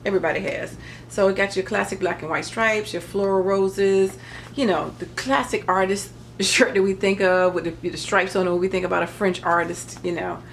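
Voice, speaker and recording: Showing off a craft paper haul, a middle-aged woman rambles casually and cracks jokes along the way. Her mid-range voice is steady in tone, creaky, and paced normally, with slight background noise behind it. She's a crafting vlogger giving a relaxed show-and-tell.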